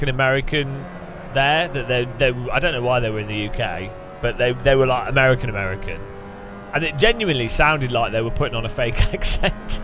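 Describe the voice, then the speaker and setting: A man with an English accent chatting casually to his stream while racing, rambling, with quick outbursts at other drivers. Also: medium pitch. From England. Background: music.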